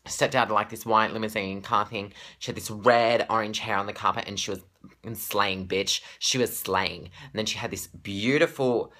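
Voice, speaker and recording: An excitable Australian man talks straight to camera in a casual fan vlog. His voice is bright and forward. He gushes breathlessly and swears without a second thought. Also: lowish voice, moderate pace. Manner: gushing, breathless and swearing freely. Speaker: pop fan vlogger.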